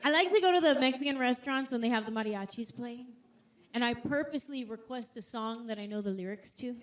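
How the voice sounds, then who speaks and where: High-voiced woman doing stand-up. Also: brisk, a faint crowd, slight background noise. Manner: animated, acts out quotes in high voices. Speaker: stand-up comedian. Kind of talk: stand-up comedy routine. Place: theater stage before a live audience.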